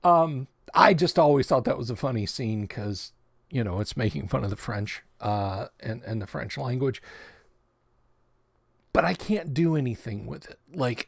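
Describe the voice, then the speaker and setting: On his tabletop game channel's livestream, a man with a gravelly, mid-range voice rambles in casual chat, tripping over and repeating words frequently. The audio is clean studio sound with no room sound.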